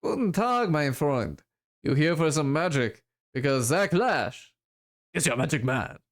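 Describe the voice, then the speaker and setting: A man's voice: medium pitch, lively intonation, normal speed, clean tone, close to an everyday voice. A man voicing a scrawny, cheerful street elf drug dealer with sly, boastful sales patter, reading a video game aloud. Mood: wheedling.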